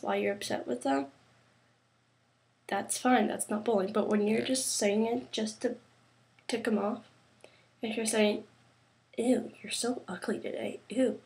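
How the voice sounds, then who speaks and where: Teen girl vlogger, somewhat high voice with vocal fry, rambling, halting delivery. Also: darkish tone. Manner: rambling, halting, many fillers and restarts. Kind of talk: casual talk to camera.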